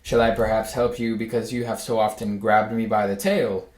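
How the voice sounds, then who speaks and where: A man voicing a sly, soft-spoken house cat in a storybook. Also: fairly low pitch, level tone, normal speed, roomy sound, lightly acted.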